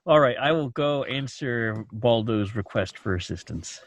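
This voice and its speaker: A man's voice: medium pitch, expressive, a little slow, dry recording. A man playing a tabletop game, dropping wry quips. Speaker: player.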